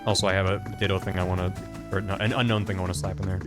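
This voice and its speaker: A man streaming a video game who thinks aloud in a rambling, casual way and reads in-game text out loud. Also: low voice, little pitch movement, racing. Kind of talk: casual gameplay commentary. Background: game music.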